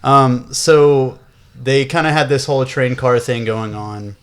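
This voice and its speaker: A man's voice: mid-range voice, fairly even intonation, measured pace, smooth. Rambling casual male podcast co-host. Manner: rambling, self-correcting, laughs often. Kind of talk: casual chat recapping episodes.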